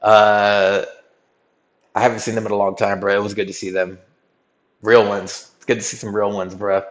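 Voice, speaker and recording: A man's voice: fairly low pitch, moderate pace. Slangy man telling a story with lots of "right?". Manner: animated, slangy, keeps asking "right?". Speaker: streamer. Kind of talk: casual storytelling recap.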